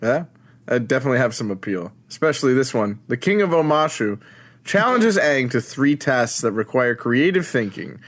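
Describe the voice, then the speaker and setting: A man's voice: mid-range voice, sing-song, normal speed, a bit bright. A man co-hosting a podcast, casually recapping episodes with a laid-back, joking manner. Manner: laid-back, summarizes plot with jokes. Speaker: podcast co-host.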